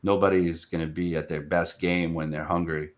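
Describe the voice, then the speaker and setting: A man with a fairly low voice hosts a casual interview. He tells stories with lots of energy and acts out the voices of the people in them. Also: a little fast. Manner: animated storyteller, acts out quoted speech. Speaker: podcast host.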